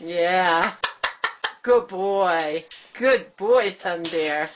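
A woman's voice: fairly low pitch, drawn-out words. A woman at home coaxing her pet in sing-song baby talk, with frequent gasps and laughs. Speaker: pet owner talking to her bird. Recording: noisy home camera recording.

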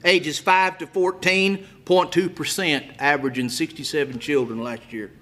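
A man preaching an impassioned sermon in a church, firing rhetorical questions and swinging from hushed tones to near-shouts. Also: on the high side, steady tone, moderate pace. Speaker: evangelist preacher. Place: church auditorium. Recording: echoey church room with faint ambience.

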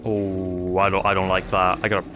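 Jumpy swearing gamer. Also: male voice, deep voice, monotone, moderate pace, music in the background. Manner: jittery, swearing, yelps in panic. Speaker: gaming YouTuber. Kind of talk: live let's-play commentary.

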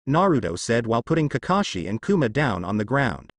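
A man narrating fan fiction in an expressive, lightly humorous storybook reading. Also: medium pitch, a little fast, dry recording, clean studio sound.

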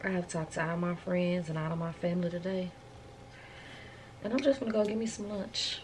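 A woman vlogger telling stories in a casual, animated, colloquial way. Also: on the low side, fairly quick, background noise. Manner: chatty, animated, colloquial storytelling. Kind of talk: casual storytelling chat.

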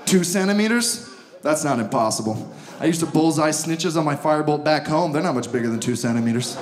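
A male comedian tells a story like a mock narrator, in a high voice. The room echoes. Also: lively intonation, a little fast. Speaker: stand-up comedian. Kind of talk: stand-up comedy routine.

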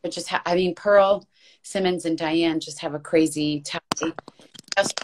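Low-voiced woman, chatty interview guest. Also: fairly even intonation, unhurried, noisy background. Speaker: guest voice actress. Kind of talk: casual interview.

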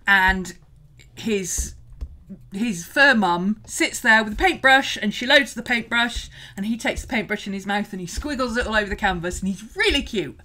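A woman's voice: a little high, bright, forceful tone. A woman hosting a casual art livestream, chatting and greeting viewers, laughing often. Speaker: art teacher and livestream host.

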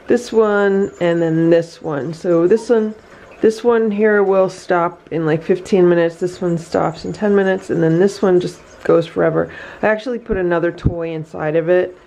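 A woman talking through a casual home vlog about her cats, her voice low and mellow with a gravelly edge. She chats easily to the viewer from an indoor room, then calls to the cats in a coaxing way. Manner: chatty, talks to the cats in a high coaxing voice. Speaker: cat vlogger.

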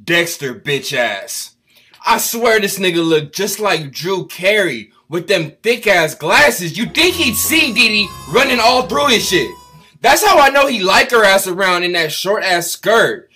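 A man doing loud, profane, mocking comedy commentary over a cartoon, with light music behind him. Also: high voice, lively intonation, measured pace, breathy edge.

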